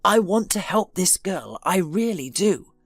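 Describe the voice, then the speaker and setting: A woman's voice: lowish voice, lively intonation, unhurried, breathy edge, no room sound, studio quality, full character voice. A woman voicing an elderly wealthy father who speaks in an insistent, scolding way.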